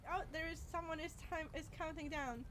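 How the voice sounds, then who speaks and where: A woman streaming her game, excitedly commenting in halting phrases during a countdown. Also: high-pitched. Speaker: streamer in a fan clip. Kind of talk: casual gameplay commentary. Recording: loud noisy stream clip audio.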